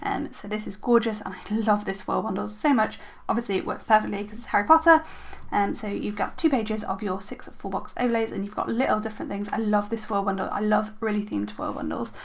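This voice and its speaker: A young adult woman chatting casually as a planner vlogger at her desk at home, talking through her stickers with lots of ums and quick self-corrections. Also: mid-range voice, fairly even intonation, gravelly. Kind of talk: casual show-and-tell chat.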